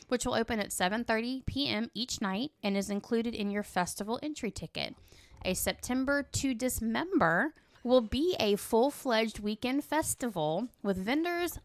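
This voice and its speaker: Low-energy woman podcast co-host. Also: fairly bright tone, dry recording. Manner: low-energy, joking asides. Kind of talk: casual chat.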